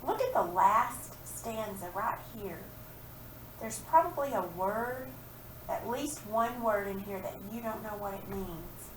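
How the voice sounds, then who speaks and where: Off-mic in an echoey room with slight background noise, a woman with a medium-pitched, animated voice leads a children's reading lesson. She's slow and patient, drawing sounds out for young learners.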